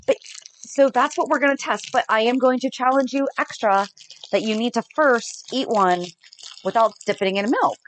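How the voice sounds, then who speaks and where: A woman's voice: fairly high pitch, moderate pace, slight background noise. A woman co-hosting a podcast in casual chat, bubbly and teasing as she runs a snack taste test. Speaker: podcast co-host.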